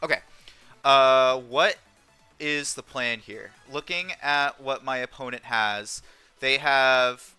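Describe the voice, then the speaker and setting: A young man narrates his competitive game match live, weighing every move aloud and filling pauses with ums. His voice is very bright and smooth, with soft music playing faintly behind him. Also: mid-range voice, no room sound. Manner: thinks aloud with frequent ums. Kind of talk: live gameplay commentary.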